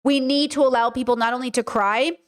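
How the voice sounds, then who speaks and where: A young woman talks straight to her stream audience, pressing each point by saying it again and again. Her voice sits a little on the high side, loose and full of "like" and blunt swearing. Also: fairly even intonation, brisk. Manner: emphatic and repetitive, frequent "like" and swearing. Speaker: streamer and podcast host. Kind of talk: casual commentary on a livestream.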